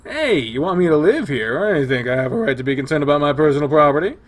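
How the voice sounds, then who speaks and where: A man's voice: fairly high pitch, sing-song, fast talker. A man as a wary young furry protagonist. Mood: pointed.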